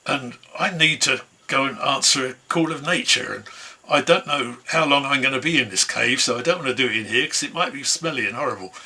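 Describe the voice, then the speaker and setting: A storyteller voicing a frightened young woman held captive by bears, in a high, husky, pleading voice. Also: bright, forceful tone, exaggerated voice.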